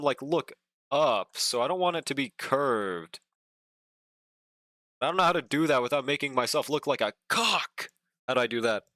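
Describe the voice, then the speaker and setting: A man streams live while drawing, chatting casually, joking and cursing, and humming to himself between remarks. His voice is a little high with a fairly bright tone, and the sound is clean studio audio with no echo.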